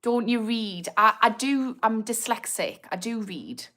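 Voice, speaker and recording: A woman from Newcastle, England, hosts a casual livestream, reading viewers' comments aloud and answering them. Her Geordie accent carries a slightly posh edge, and her voice is a little high, a little slow and a bit bright. She chats frankly and swears freely.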